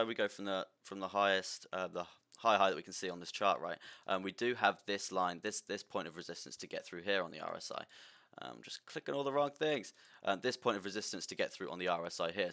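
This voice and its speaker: A young man on a live stream talking through price charts in a halting way, repeating words and often tagging on "right?". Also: deep voice, bright, forceful tone. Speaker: crypto streamer.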